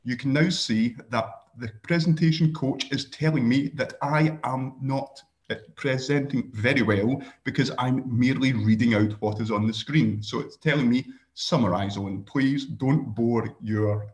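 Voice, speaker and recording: A man with a Scottish accent giving a relaxed screen-share software tutorial over a video call, with dry joking asides and frequent ums. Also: medium pitch, moderate pace. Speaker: workshop presenter.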